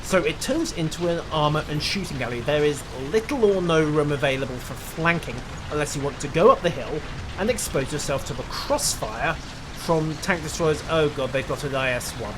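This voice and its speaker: Dry gamer-commentator, slightly high voice, wry and knowledgeable, loud game sounds behind. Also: male voice, expressive, normal speed, noisy background. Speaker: gameplay commentator.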